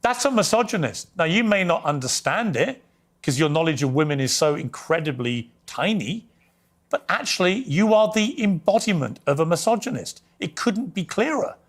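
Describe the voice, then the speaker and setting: A man's voice: high voice, sing-song, moderate pace. A man interviewing a guest, pressing him with pointed, confrontational questions.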